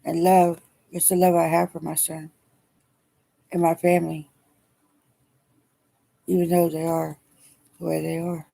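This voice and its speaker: A middle-aged woman speaking haltingly and wearily in a personal video diary, emotional as she talks. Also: on the low side, little pitch movement, gravelly, warm tone. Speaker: vlogger.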